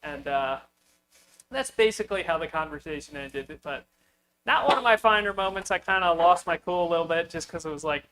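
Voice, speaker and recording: A man's voice: on the high side, expressive, fairly quick, sharp tone, slight background noise, rough recording. A man hosting a car-building video, telling a story casually with lots of fillers and chuckles. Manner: rambling, with frequent fillers and chuckles.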